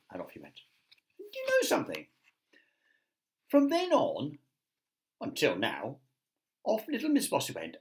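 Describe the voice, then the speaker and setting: Lively male teacher reading a storybook. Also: lowish voice. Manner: lively, chatty asides to the listeners. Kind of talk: reading a picture book aloud to children.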